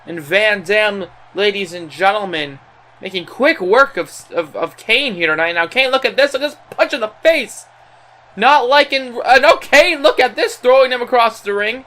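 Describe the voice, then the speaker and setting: A young man calls a video game wrestling match play-by-play, like a gaming channel host. His voice sits high and bright. He uses an excited announcer style, filling gaps with ums and correcting himself mid-sentence. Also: normal speed.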